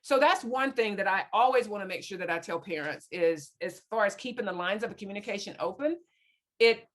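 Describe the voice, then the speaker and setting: A woman's voice: medium pitch, a little fast, fairly bright tone. A woman speaking earnestly to a parents' group, retelling conversations with students and quoting them at length. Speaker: guest speaker on parenting teens. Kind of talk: storytelling talk to a parents' group.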